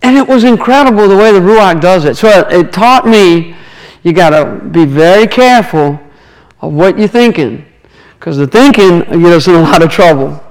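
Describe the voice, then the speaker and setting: A man's voice: sits high, expressive, moderate pace, low-quality recording. A man preaching a sermon, telling a personal story and acting out quoted dialogue, often restarting his words. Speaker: minister.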